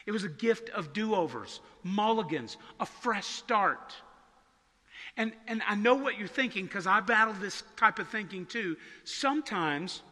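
A man preaching in a church sanctuary, his high, very bright voice carrying a long hall reverb. He talks conversationally and slows down to stress key words. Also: expressive. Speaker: pastor. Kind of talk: sermon.

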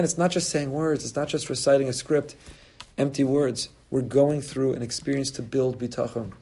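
A man's voice: medium pitch, mellow, husky. A man preaching as a rabbi, earnest and building his points with repeated rhetorical phrases. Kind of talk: sermon.

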